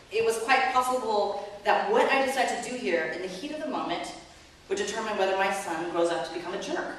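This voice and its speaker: A woman elder telling a story as she preaches, animated and self-mocking, acting out the lines of others. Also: mid-range voice, slight background noise. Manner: animated, self-mocking storyteller who laughs and acts out quotes. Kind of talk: sermon storytelling. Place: church hall. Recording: echoey church hall from far off, faint ambience.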